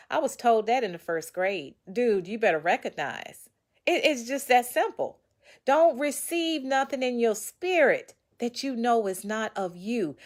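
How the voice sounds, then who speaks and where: A woman author giving casual, preachy motivational advice straight to her viewers. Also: on the high side. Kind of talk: casual motivational talk to camera.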